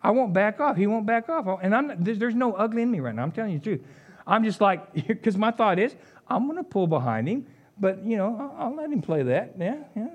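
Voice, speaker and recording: A middle-aged man, preaching a sermon, full of animated storytelling, jokes and asides. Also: high-pitched, brisk, highs cut off. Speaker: pastor.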